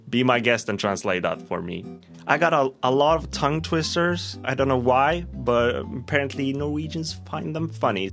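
A man's voice: mid-range voice, fairly bright tone. A young man with a Swedish accent, vlogging casually and laughing at his own slips as he tries tongue twisters. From Sweden.

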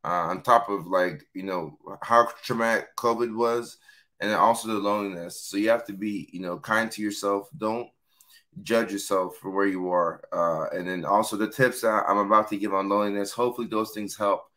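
Hoarse, bright-voiced man. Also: fairly low pitch, fairly even intonation, moderate pace. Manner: chatty, reads out viewer comments. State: hoarse from yelling. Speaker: host. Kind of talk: casual live-stream talk.

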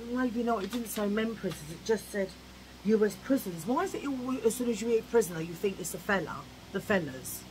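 A woman's voice: medium pitch, slight background noise, rough recording. A woman ranting cheekily to camera in a casual vlog, chatty and opinionated. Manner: chatty, cheeky, ranting, mimics old-fashioned voices. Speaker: vlogger.

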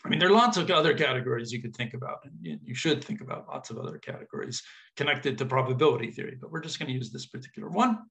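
A man's voice: medium pitch, animated, very fast, sharp tone. A man giving an informal mathematics lecture, thinking aloud with casual asides and checking that his audience follows.

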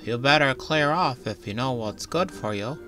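A man's voice: mid-range voice, lively intonation, normal speed, pushed and bright, faint music behind, pitched above the performer's own voice. A man voicing a jumpy male newt who hisses out urgent warnings in a storybook reading. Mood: scared.

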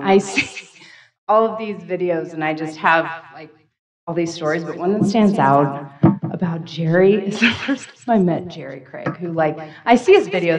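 A woman's voice: lowish voice, rough recording. A woman in her thirties hosting a benefit gala, telling a funny story in a chatty, laughing way at an event mic. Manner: chatty, laughing, self-deprecating. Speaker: gala emcee and raptor program staff. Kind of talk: casual storytelling speech at a gala. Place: banquet hall at a live event.

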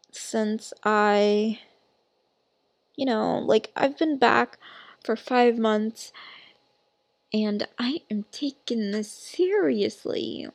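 A woman who runs a gaming channel talks over gameplay in a fairly high, slightly mellow voice with no room sound. Her commentary is casual, chatty and rambling, full of fillers, with some sassy asides to her game character.

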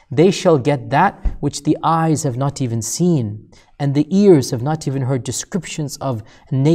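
Speaking in a mid-range, slightly mellow voice, a male Islamic lecturer delivers a sermon-like talk. His storytelling leans on mounting, emphatic repetition, and he keeps asking the audience rhetorical questions.

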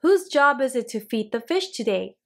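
A woman voicing a calm, kind schoolteacher who speaks gently and reassuringly. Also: sits high, normal speed. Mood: gentle.

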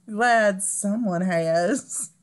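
Eine Frau, die eine tratschende, snobistische Erbin mit dickem Südstaatenakzent in einer komödiantischen Lesung spricht. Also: female voice, mid-range voice. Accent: Southern US. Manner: chatty, affected, gossipy. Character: gossipy, snobbish Southern heiress, woman. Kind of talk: comedic table read.

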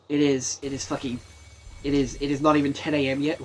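A man's voice: on the high side, fairly even intonation, a little fast, slight background noise. A man giving casual gameplay commentary, swearing freely and talking himself through a match. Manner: swears freely, talks to himself while playing. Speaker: gaming streamer.

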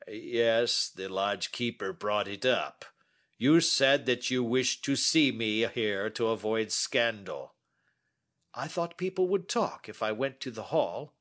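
A man voicing an aging, remorseful man who talks in a slow, heavy, pleading way. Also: medium pitch, expressive, a bit bright, voice pushed up. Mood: wary.

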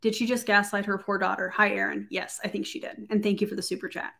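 A woman hosting a live reaction stream, her voice sitting in a middle pitch. She comments with dry, incredulous sarcasm and retells what happened in a clip. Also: flat delivery, fast talker, gravelly, a bit bright. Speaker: reaction show host.

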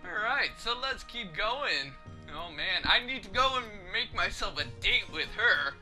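A man's voice: sits high, lively intonation, measured pace, bright, forceful tone, soft background music. A man giving casual, jokey commentary while playing a video game. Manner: jokey, goofy. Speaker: let's play host.

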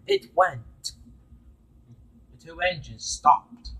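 A man narrating a fan-made train story in a halting way, with restarts and fillers. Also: a little high, lively intonation, fairly bright tone, slightly rough, poor audio.

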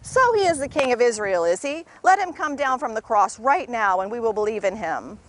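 A woman reading scripture aloud as a jeering crowd, loud and taunting. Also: a little high, very animated, brisk. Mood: mocking. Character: jeering mob of scoffing men.

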